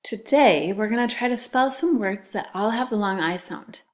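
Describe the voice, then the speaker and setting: A woman's voice: medium pitch, normal speed. A woman teacher giving a recorded spelling lesson to children, patiently sounding out letters and syllables.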